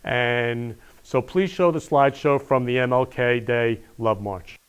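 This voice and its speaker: A man's voice: medium pitch, measured pace, smooth, faint music behind. A man hosting a live online show, talking in an effusive, heartfelt way and repeating affectionate greetings to viewers. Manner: effusive, repeats "I love you" often. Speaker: host. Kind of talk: emotional live-stream show talk.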